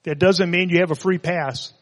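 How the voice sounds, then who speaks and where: Man, sermon, fairly high voice, casual joking asides, long hall reverb. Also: steady tone, moderate pace. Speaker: pastor.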